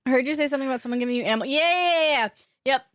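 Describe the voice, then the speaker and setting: A woman's voice: high-pitched, racing, no echo, studio quality. A young woman streaming a game, chatting casually, joking and laughing, talking while eating. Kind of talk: casual gaming stream chat.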